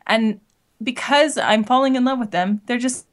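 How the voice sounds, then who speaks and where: A woman's voice: a little high, moderate pace. A woman co-hosting a casual hobby podcast, complaining in a playful, ranting way. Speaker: podcast co-host. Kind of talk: casual chat.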